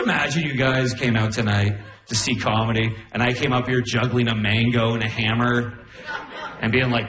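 A man telling stories on a live comedy stage in an animated way, into a handheld stage mic. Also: medium pitch, normal speed, crowd noise. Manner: animated, storytelling. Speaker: stand-up comedian. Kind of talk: stand-up comedy set.

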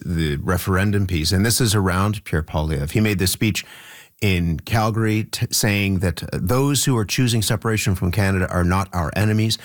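A man with a very deep voice moderates a political panel. He puts questions to each guest by name in an easy conversational way. The sound is dry and close. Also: no echo. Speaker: host.

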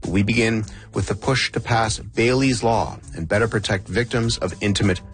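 A man hosting a current affairs radio program, introducing stories and interviewing guests in a measured, composed way. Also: fairly low pitch. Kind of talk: news radio presenting and interviewing. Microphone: studio microphone.

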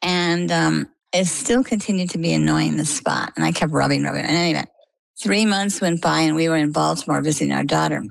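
A woman from Maine, an interview guest, telling a personal story with lively storytelling and acted-out dialogue. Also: low voice, creaky, dry recording, rough recording. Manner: animated storytelling, acts out quoted dialogue.

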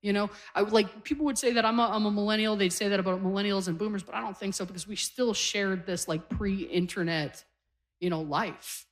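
A woman's voice: mid-range voice, fairly even intonation, brisk, in a large hall. Brief: Canadian woman comic, forties, chatty and self-mocking on stage. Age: 40s. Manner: chatty, self-deprecating, laughing through lines. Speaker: stand-up comedian. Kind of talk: stand-up set. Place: comedy stage before a live audience.

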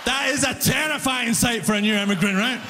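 An immigrant to Canada does a stand-up routine, telling stories with animated energy and acting out the voices of the people in them. His voice is extremely high and a little fast, echoing in a large hall amid crowd and background noise.

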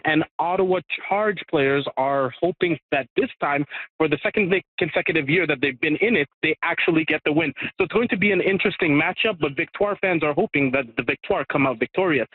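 Man field reporter, lightly high voice, phone-line sound. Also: a little fast, slightly rough, no echo. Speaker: sports reporter.

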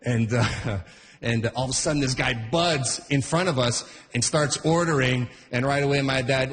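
A man's voice: medium pitch, normal speed, a bit bright, in a large hall. A man telling a comic story about his family, rambling and restarting with lots of fillers. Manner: rambling, filler-heavy, self-interrupting. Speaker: stand-up comedian. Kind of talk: stand-up storytelling. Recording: noisy background.

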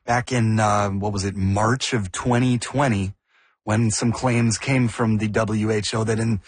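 A man's voice: lowish voice, fairly even intonation, measured pace, breathy edge, dry recording. A man co-hosting a news discussion, asking questions and thinking aloud.

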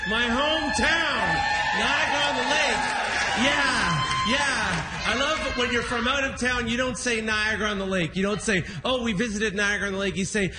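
A man doing a stand-up set on a festival stage, excited and shouting out to the crowd. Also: sits high, brisk, hardly any pauses, loud music behind the voice. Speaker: stand-up comedian. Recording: roomy live stage recording with crowd noise.

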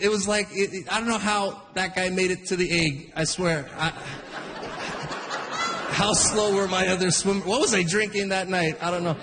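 A man's voice: sits high, steady tone, normal speed, a bit bright, in a large hall, a little hiss or hum. A middle-aged man doing a stand-up set, rambling through stories and cutting himself off mid-sentence. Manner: rambling, self-interrupting storyteller. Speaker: stand-up comedian.

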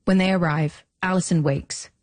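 A woman hosting and narrating a documentary podcast in a measured, scripted way. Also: fairly low pitch, fairly even intonation, darkish tone.

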